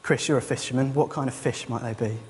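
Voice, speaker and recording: A man's voice: medium pitch, fairly even intonation, fast talker, darkish tone, slight background noise. A man, a youth leader, preaching a sermon in a casual, joking, conversational way. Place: church hall. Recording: long church hall reverb.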